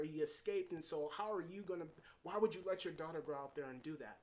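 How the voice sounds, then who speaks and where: A man's voice: a little high, a little fast, hardly any pauses. A man giving a casual, unscripted movie review, retelling scenes in his own paraphrased quotes with plenty of fillers and restarts. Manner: rambling, heavy on fillers and restarts.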